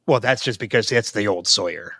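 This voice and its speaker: A man's voice: fairly low pitch, fairly quick, pushed and bright, dry recording. A man co-hosting a podcast, chatting casually and thinking aloud with frequent ums and restarts. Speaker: podcast co-host. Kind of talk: casual chat.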